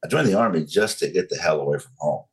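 A Southern-accented man in his forties from North Carolina tells his story as an interview guest, speaking slowly, frankly, and with control. His voice is very deep and expressive, and the recording is rough.

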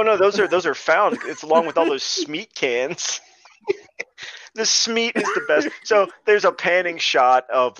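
A man's voice: medium pitch, fairly bright tone, no room sound, muffled recording. A man co-hosting a casual movie podcast, rambling and laughing as he retells scenes. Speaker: podcast co-host. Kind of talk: casual movie review chat.

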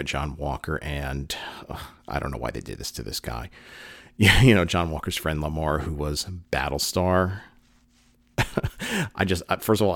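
A man speaks in a strikingly deep, low register, talking through a casual commentary. He rambles earnestly, restarting sentences and stacking fillers, and gets emotional at times. The sound is dry and close, with no room around it. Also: dry recording. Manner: emotional, getting choked up.

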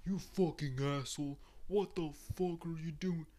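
A man putting on a high, sing-song, half-whispered voice, cooing at his dog as if teasing it. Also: expressive, slow pace.

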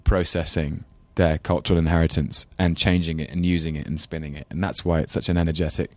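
Deep-voiced Englishman with a London accent. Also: little pitch movement, fast, darkish tone, dry recording. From England. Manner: rambling, self-deprecating, laughs often. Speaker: actor guest. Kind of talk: casual interview chat.

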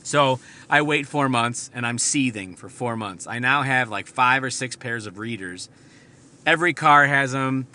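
A man's voice: mid-range voice, measured pace, bright, forceful tone. A man hosting a podcast, telling a rambling, profane story from inside his car. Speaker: podcast host. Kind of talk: casual storytelling monologue.

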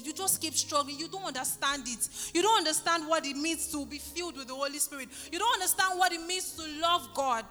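A woman delivers a sermon, her high, bright voice pressing and repeating phrases with fervent urgency. She rings through a reverberant church hall with soft music underneath. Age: 30s. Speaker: preacher. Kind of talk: sermon with altar call.

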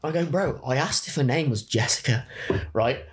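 A man's voice: medium pitch, normal speed. A young man, telling rowdy anecdotes in casual chat with friends, swearing and laughing often. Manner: animated, swearing, bursts of laughter.

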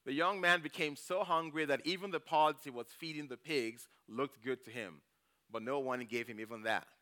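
Male church elder preaching, bright forceful tone, crisp clear delivery, conversational, keeps asking "okay?". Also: mid-range voice, moderate pace. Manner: chatty, checks in with "okay?" and "you know". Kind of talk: conversational sermon with Bible retelling.

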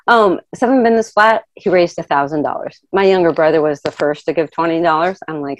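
A middle-aged woman telling a personal story in a lively way, laughing often and acting out the voices of the people in it. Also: fairly low pitch, brisk, hardly any pauses. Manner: animated, laughs often, acts out quoted voices.

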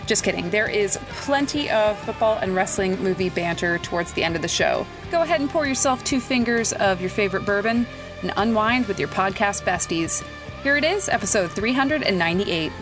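A woman reading a scripted podcast introduction in a brisk, wry, tongue-in-cheek way. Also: medium pitch, animated. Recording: clear music bed under voice.

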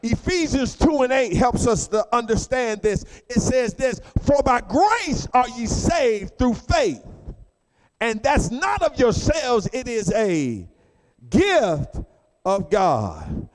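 A man's voice: very high voice, sing-song, takes it slowly, in a large hall. A male pastor preaching a fervent sermon, colloquial and repeating phrases for emphasis, calling on the congregation to respond.

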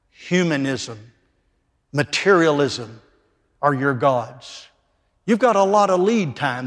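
A man preaching a sermon, emphatic, dropping from loud declarations to hushed lines. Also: high voice. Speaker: pastor. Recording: long reverb of a large hall.

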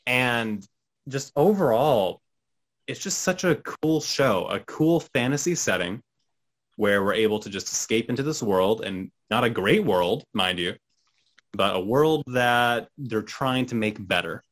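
A man's voice: mid-range voice, animated, a little slow, fairly bright tone. A man co-hosting a podcast in casual chat, easygoing and rambling as he gives his thoughts. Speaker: podcast co-host.

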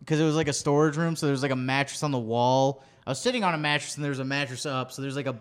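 A man's voice: mid-range voice, very fast, smooth. A man from New England, a podcast co-host telling a story in loose, rambling casual chat and laughing things off.

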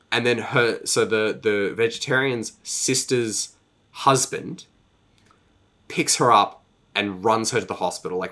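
Guy with a lowish, bright voice rambling on a podcast, swears a lot, lots of "like". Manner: rambling, profane book recap full of fillers; breaks into mock voices for characters. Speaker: podcast co-host. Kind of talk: casual podcast chat.

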